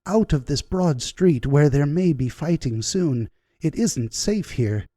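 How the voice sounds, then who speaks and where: An earnest, anguished woman in a dream, pleading in a husky, mellow voice, as a male audiobook reader puts her on. Dry, close recording. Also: medium pitch, expressive, a little slow, no room sound, voice pushed up.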